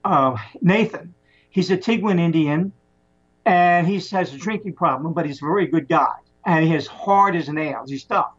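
A man with a fairly high, husky voice tells a long tale in loose, conversational fashion, stumbling and restarting as he goes. The recording is dull and lo-fi. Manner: rambling, animated retelling with many restarts. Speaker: storyteller. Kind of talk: casual spoken storytelling. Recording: muffled lo-fi recording.

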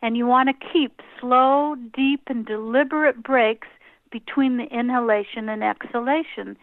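Soft-spoken woman on a tinny line. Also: fairly high pitch, fairly even intonation, no echo. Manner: gentle, slow guidance with soft pauses. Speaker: guest. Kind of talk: interview, guiding a breathing meditation. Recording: tinny phone-like line, dry.

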